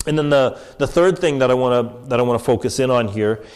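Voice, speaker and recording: Guy preaching a chatty sermon, lots of restarts and "right?", middle pitch, long echo like a church hall. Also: clear, resonant tone. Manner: conversational, halting with many restarts and "right?". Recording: long echoing reverb.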